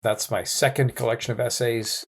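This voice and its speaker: A man's voice: medium pitch, flat delivery, normal speed, creaky, husky. A man co-hosting a podcast, who talks in a genial, easygoing way. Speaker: podcast co-host, reverend. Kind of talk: casual podcast chat.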